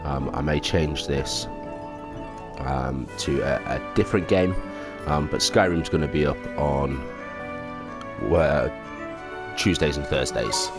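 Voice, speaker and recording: Low-voiced let's play host. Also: male voice, slow pace. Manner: rambling, self-mocking, lots of ums. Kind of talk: casual gameplay commentary. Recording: game music underneath.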